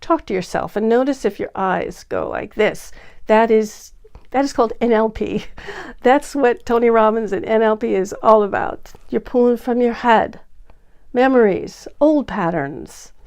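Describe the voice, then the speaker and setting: An energetic woman gives a coaching talk to the camera on dating. She acts out examples as she goes, so her voice swings widely in loudness and pitch. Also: unhurried.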